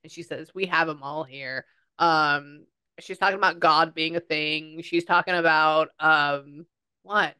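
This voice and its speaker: A woman's voice: low-pitched, steady tone, a little slow, sharp tone, clear, resonant tone, no room sound. A woman working as a psychic medium in a casual session, chatting and passing on quotes in a conversational way.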